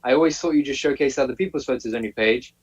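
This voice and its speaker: A man's voice: mid-range voice, fast talker, husky. Easygoing man on a distant, muffled line. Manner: easygoing, reads names in a steady list. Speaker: co-host reading live chat. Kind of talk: casual live-stream chat. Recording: distant, muffled call audio.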